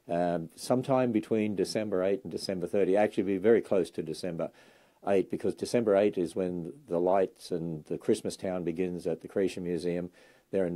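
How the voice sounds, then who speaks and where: A man's voice: low voice, warm tone. A man in his sixties with an Australian accent, chatting casually and enthusiastically on a livestream from inside a bookstore. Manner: enthusiastic, chatty, lots of uh fillers. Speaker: ministry leader giving a livestream tour. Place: bookstore indoors.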